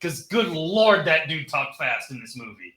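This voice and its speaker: A man co-hosting a movie podcast in joking, animated casual chat. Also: a little high, unhurried. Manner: jokey, animated, laughs at his own bits. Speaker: podcast co-host.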